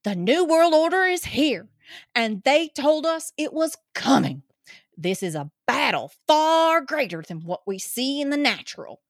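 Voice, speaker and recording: An angry conspiracy-minded Southern woman, put on by a woman with a heavy Georgia drawl and a preachy delivery. She talks very slowly and draws out every word. The sound is dry and close. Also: high-pitched, very animated, no room sound, voice pushed up, heavily acted. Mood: ominous.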